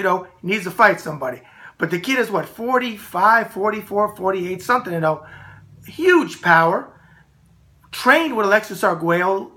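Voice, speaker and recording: Brash New York-accented male host. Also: high-pitched. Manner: animated, brash storyteller. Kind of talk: casual talk show.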